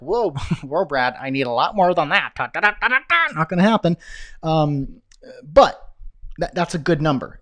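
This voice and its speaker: An energetic man coaching freelancers on business in a live stream, repeating key phrases and answering viewer comments as he goes. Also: a little high. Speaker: web design business coach.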